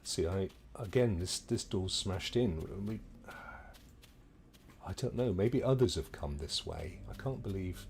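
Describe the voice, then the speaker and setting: Streamer: middle-aged Englishman, low-ish voice, animated and jokey with his chat. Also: a little slow, creaky. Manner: chatty and jokey, talks to viewers. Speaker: game streamer. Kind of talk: casual let's-play commentary.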